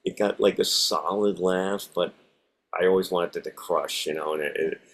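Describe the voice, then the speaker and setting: A male comedian co-hosting a podcast, talking shop in a casual, halting way and acting out bits in character voices. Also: low voice, fairly even intonation, fairly bright tone.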